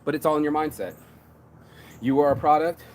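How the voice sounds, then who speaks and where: Slight background noise sits under a man's fairly high, fairly quick voice. He designs shirts and runs his own business, and here he casually motivates himself on the subject of business, swearing a lot in slangy street speech peppered with "bro."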